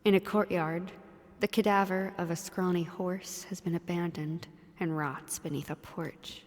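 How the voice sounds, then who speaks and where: Woman narrating a story game in a long-reverb room, lowish voice, measured and even. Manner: even, measured reading, slipping into quick casual chat. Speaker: let's play co-host narrating the game text. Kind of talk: reading game narration aloud with casual asides.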